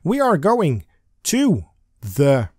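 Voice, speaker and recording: A man's voice: a little high, wildly swooping pitch, extremely slow, darkish tone, breathy edge, no room sound, clean studio sound. A man hosting a let's play of an old adventure game, reading its text aloud in a playful, giggly way. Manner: playful, giggly, sings and reads lines with silly emphasis.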